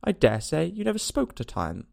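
A man's voice: fairly high pitch, huge pitch swings, moderate pace, creaky, a little mellow, voice pushed up, exaggerated voice. A man voicing the Hatter, a rude, riddling, eccentric hatmaker. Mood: brusque. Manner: abrupt and contemptuous.

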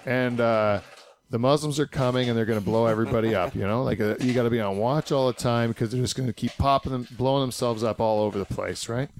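A man's voice: mid-range voice, steady tone, quick pace, slight background noise. A man hosting a casual podcast chat, rambling, joking and spinning out hypotheticals. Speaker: podcast host.

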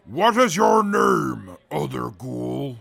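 A man voicing a pompous male mutant field reporter who calls himself a genius, speaking stiffly and formally in a gravelly, raspy voice. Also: medium pitch, expressive, takes it slowly, bright, forceful tone, full character voice. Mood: haughty. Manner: stiff formal speech, barked questions. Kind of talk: audio drama acting.

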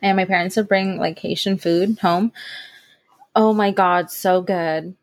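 A woman co-hosting a casual podcast chat, chatty and enthusiastic, with quick replies. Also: fairly low pitch, fairly even intonation, no room sound. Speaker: podcast co-host. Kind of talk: casual chat, listening and reacting.

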